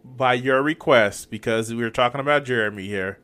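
A man's voice: mid-range voice, normal speed, fairly bright tone. Incredulous male streamer reacting live. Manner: incredulous, swears, stammers and restarts.

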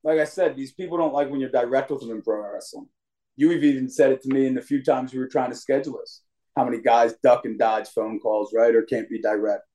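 A man's voice: medium pitch, fairly even intonation, brisk, warm tone. A young adult man, a wrestler being interviewed on a podcast, talking in a brash, cocky, trash-talking way. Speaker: wrestler guest.

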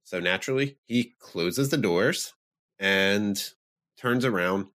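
A man co-hosting a podcast who recaps a horror film's plot with animated, laughing energy. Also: lowish voice, takes it slowly. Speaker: podcast co-host. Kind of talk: casual chat recapping a film.

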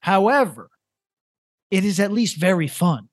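A man in his thirties co-hosting a casual comedic podcast, rambling in a deadpan way with lots of restarts. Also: sits high, unhurried, dry recording. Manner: rambling, deadpan, building to a prank. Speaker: podcast co-host.

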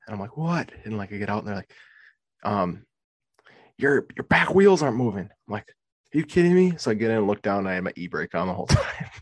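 A man's voice: on the low side, dry recording. A young man co-hosting a sports podcast in casual chat, telling rambling stories and laughing often. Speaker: podcast co-host.

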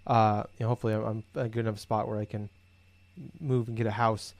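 A man's voice: lowish voice, fast talker, dry recording. A man in casual conversation, telling rambling everyday stories with lots of swearing and filler words. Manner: rambling, profane, animated storytelling. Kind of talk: casual chat.

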